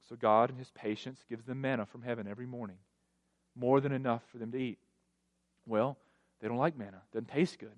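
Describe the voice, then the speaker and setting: A male pastor preaching a sermon, emphatic, with sweeping rises in pitch and loudness and repeated phrases for effect. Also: fairly quick.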